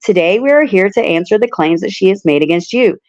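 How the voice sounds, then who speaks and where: A woman's voice: medium pitch, animated, fairly quick, a little mellow, pitched below the performer's own voice, close to an everyday voice. Curt strict lady judge as a woman reads her lines, keeps repeating herself, bit muffled. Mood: firm. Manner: clipped, repeats orders. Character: stern female judge, curt and firm. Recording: muffled lo-fi audio.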